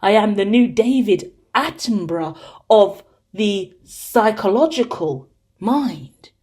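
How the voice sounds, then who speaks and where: A woman's voice: medium pitch, lively intonation, takes it slowly, mellow. A woman putting on a theatrical nature-documentary narrator voice, speaking grandly. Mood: grandiose. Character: mock nature-documentary narrator, man-versus-machine voice.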